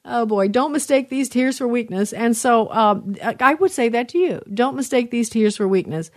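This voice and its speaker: A woman's voice: medium pitch, normal speed, no echo, clean studio sound. A middle-aged woman hosting a talk radio show, reading listener messages in an earnest, emotional way with many fillers and restarts.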